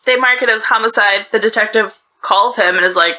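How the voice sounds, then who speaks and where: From a small bedroom no bigger than a closet, a northeastern US woman narrates a true-crime case for her podcast, keeping it casual and chatty with laughing asides. She talks at a moderate pace in a mid-range, level voice that's bright and forceful, over slight background noise.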